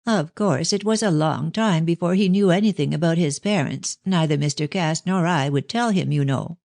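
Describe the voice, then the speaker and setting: A woman's voice: low-pitched, moderate pace, gravelly, no echo. A woman playing a fussing old nurse. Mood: confiding. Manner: warm and fussing, with "my dear". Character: motherly old woman, fond and talkative nurse.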